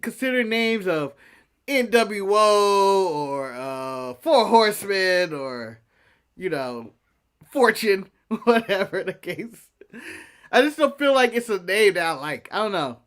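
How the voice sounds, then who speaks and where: A man's voice: high voice, sing-song, slow, a bit bright, clean tone. A man co-hosting a wrestling review podcast in casual chat, speaking hesitantly with frequent fillers.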